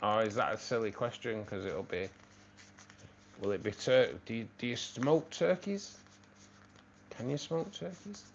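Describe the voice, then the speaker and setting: The host of this live stream has a mid-range, creaky voice and speaks a little slowly, leaving long pauses. He chats casually, thanks viewers by name and laughs at his own jokes; the audio is slightly dull with faint noise.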